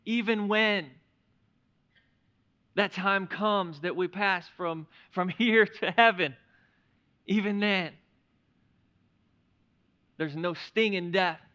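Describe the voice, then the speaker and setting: A man preaching a sermon as a pastor, moving between hushed, reflective passages and loud, emphatic declarations. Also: sits high, slow, pauses often, smooth, lo-fi sound. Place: church sanctuary.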